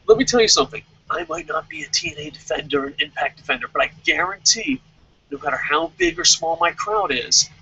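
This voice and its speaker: A man's voice: a little high, gravelly, sharp tone, breathy edge, lo-fi sound. A young man reviewing a wrestling show in a heated, profane rant. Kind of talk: angry rant in casual chat.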